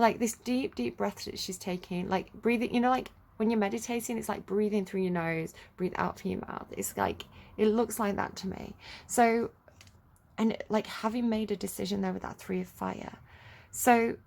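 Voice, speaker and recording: Rambling, gravelly-voiced woman tarot reader. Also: mid-range voice, normal speed, a little mellow. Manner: chatty, rambling, many fillers. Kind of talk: casual tarot reading monologue.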